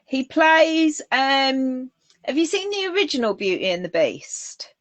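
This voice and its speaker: A woman's voice: high voice, expressive, measured pace, dry recording. A woman with a Northern English accent co-hosting a casual chat, enthusiastic and eager to recommend things. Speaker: podcast co-host.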